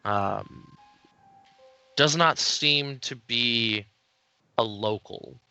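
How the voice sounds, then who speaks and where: A man narrating a tabletop game as game master, unhurried and full of fillers. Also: mid-range voice, creaky, sharp tone, smooth, faint music behind.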